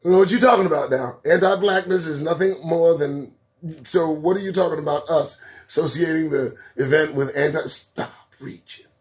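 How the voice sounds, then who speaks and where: A man hosting a live commentary show, riffing sarcastically on news items, laughing often and swinging between loud outbursts and low mutters. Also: moderate pace. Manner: laughs a lot between remarks.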